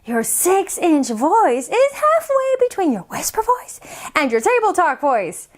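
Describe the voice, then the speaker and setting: A woman voicing a patient, kindly schoolteacher in a storybook, explaining calmly and gently. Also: extremely high pitch, unhurried, pitched above the performer's own voice, heavily acted. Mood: gentle.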